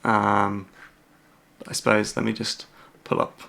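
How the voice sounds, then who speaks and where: A man's voice: lowish voice, level tone, slow, vocal fry, bright, forceful tone. A British man hosting a casual livestream, rambling through viewer questions with lots of fillers, restarts and self-deprecating asides from a room at home at night. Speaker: host.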